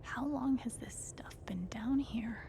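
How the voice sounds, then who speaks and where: Whispered role-play: a wounded, stubborn young heroine, breathy and slow, gravelly hush. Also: female voice, on the high side, a little hiss or hum. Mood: musing. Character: young woman, hurt, determined, inner thoughts.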